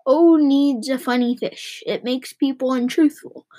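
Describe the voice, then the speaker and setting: A woman's voice: sits high, measured pace, warm tone. A woman voicing a reckless, boastful male mail-coach driver who bellows and sings out his words.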